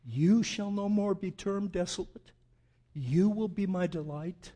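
A male pastor preaches an impassioned sermon at a slow, deliberate pace, in a fairly high voice. He moves between hushed, reflective passages and loud, pleading emphasis. He often repeats a word several times to drive a point home.

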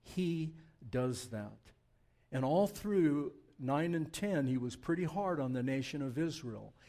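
A male pastor preaching a sermon in a conversational, animated, emphatic way in a church. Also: on the high side, slow pace.

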